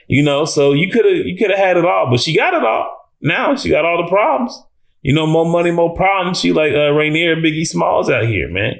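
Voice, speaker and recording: A man talking loose and animated as he reviews a TV episode. His voice sits a little high, and he talks in slang, swears and stumbles over his words. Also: brisk. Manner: animated, slangy, swears, laughs, restarts often. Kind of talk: casual reaction review.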